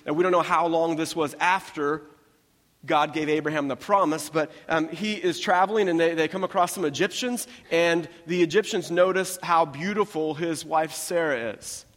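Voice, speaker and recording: High-voiced male preacher in echoing hall. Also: fairly bright tone. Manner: conversational, humorous preaching with quick asides. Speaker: pastor. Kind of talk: sermon.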